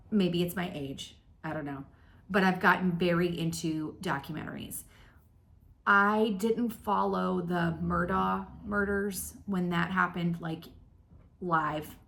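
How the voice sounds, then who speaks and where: Fairly low-pitched with vocal fry yet a fairly bright tone, this thirtysomething woman hosts a laid-back stitching vlog. Talking straight to the camera in her home craft room, she rambles, runs herself down, and says um a lot.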